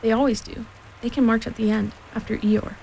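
A woman's voice: a little high, level tone, a little fast, creaky, a little mellow, slight background noise, low-quality recording. Woman doing a fussy, offhand rabbit.

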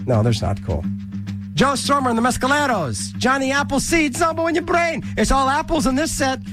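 A man's voice: very high voice, very animated, a little fast, over music. A man hosting a college radio show, rambling through goofy jokes and asides between songs in a small studio. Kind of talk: casual radio DJ patter. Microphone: studio mic.

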